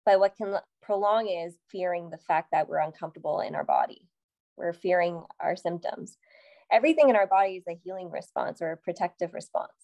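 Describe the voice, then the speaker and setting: A Canadian woman with a slightly low voice, speaking as a therapist guest on a podcast. She explains in a calm, steady way. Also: fairly quick, creaky. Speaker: psychotherapist guest. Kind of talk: explanatory conversation.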